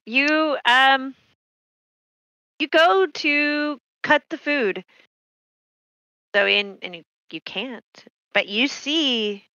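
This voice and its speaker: A woman narrating a tabletop horror game as game master, unhurried and hesitant with many fillers. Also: a little high, sharp tone, smooth, no echo, lo-fi sound.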